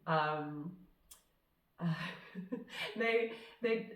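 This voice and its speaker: A woman, a guest in a casual film conversation, chatty and quick to laugh. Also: fairly low pitch, phone-quality sound. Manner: chatty, laughs often, many fillers. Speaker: podcast guest. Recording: echoey room, distant from the mic.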